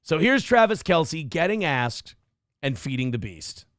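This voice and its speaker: A man's voice: fairly high pitch, big pitch swings, a little slow, background noise. A man hosting a talk show, talking casually with crude, sarcastic, mocking jabs. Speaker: show host. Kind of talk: casual profane commentary.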